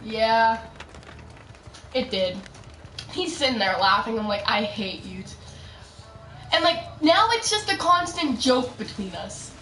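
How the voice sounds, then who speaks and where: Young female streamer, animated chatter with shouted outbursts, mic set back, noisy backdrop. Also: on the high side, a little slow, long pauses. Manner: chatty storytelling, bursts of excited shouting at the game. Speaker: gaming streamer. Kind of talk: casual live-stream chatter while gaming. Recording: roomy echo, mic at a distance, loud background noise.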